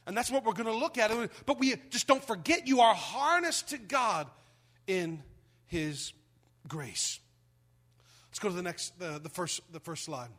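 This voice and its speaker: Male pastor, high ringing voice, lively sermon storyteller. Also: a little slow. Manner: storytelling, animated, acts out quoted voices.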